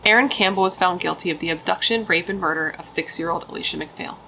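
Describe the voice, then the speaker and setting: Low-ish, gravelly and sharp in tone, this young woman's voice moves fast as she chats through a true crime story. She speaks emphatically and casually, peppering it with swears, "dude," and "like," on a low-quality recording carrying some hiss or hum.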